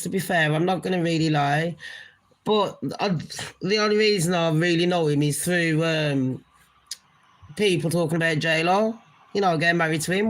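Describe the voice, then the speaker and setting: A woman's voice: mid-range voice, fairly bright tone. A woman hosting a casual celebrity gossip livestream, blunt and chatty, swearing freely and talking straight to her viewers.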